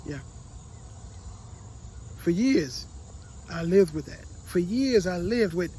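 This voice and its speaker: Man, high voice, motivational speaker; earnest storytelling, repeats himself, trails off quietly; faint insect noise behind. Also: expressive, unhurried, long pauses, poor audio. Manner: emotional, repeats words, drops to quiet, stumbles on restarts. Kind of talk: personal story, motivational talk.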